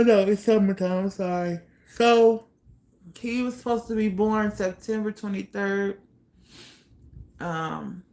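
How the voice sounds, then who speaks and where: Blunt gravelly-voiced young woman storyteller. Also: fairly low pitch, a little mellow. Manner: candid, blunt, pausing with fillers. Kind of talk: personal storytelling monologue.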